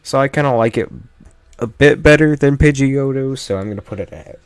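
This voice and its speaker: A man's voice: medium pitch, fairly quick, clear, resonant tone, dry recording. A man giving casual, jokey commentary while ranking game characters, often trailing off mid-sentence. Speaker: YouTuber ranking Pokémon.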